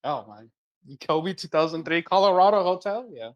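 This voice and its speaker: Fairly high-voiced young man, relaxed. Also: moderate pace, dull audio. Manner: laid-back storyteller, drawls out asides like "right?". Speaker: podcast co-host. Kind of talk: casual chat.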